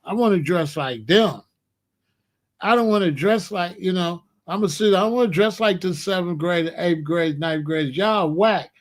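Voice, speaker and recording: A man from Alabama, hosting and telling a story in a chatty, animated way and laughing often. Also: high voice, a little slow. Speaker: host. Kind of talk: casual storytelling.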